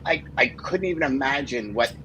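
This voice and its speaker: A man hosting a podcast, telling a story casually and getting animated and swearing when worked up. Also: medium pitch, normal speed, a little hiss or hum, poor audio. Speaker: podcast host.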